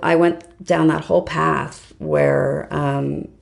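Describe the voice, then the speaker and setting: This middle-aged woman works in fundraising and is appearing as a podcast guest, recounting her story in a chatty manner peppered with "like" and "um." She speaks slowly in a low, level voice with vocal fry.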